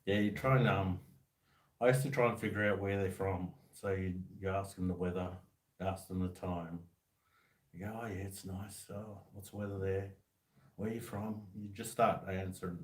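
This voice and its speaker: A man's voice: on the low side, darkish tone, reverberant, distant mic. An Australian man chatting easily on a video call, laughing often. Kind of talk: casual chat.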